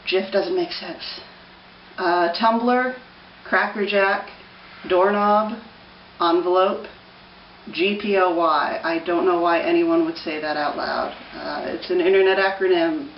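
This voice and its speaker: A woman's voice: lowish voice, a little hiss or hum. A woman in her thirties with a Pacific Northwest American accent, rambling through a casual vlog with lots of ums. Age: 30s. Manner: rambling, relaxed, many ums. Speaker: vlogger. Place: room with an open window. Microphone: camera on a tripod. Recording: roomy, distant, dull home-camera sound.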